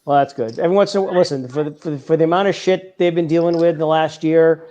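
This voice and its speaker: Chatty middle-aged man, slightly high voice. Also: rapid-fire, warm tone. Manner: rambling, chatty, with many fillers and restarts. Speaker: event organizer guest. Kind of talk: casual chat on a live stream.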